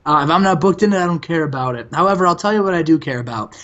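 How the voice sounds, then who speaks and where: A man's voice: a little high, animated, very fast, fairly bright tone, muffled recording. A man voicing an arrogant, cheating male wrestler who taunts his boss in sneering trash talk. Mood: taunting.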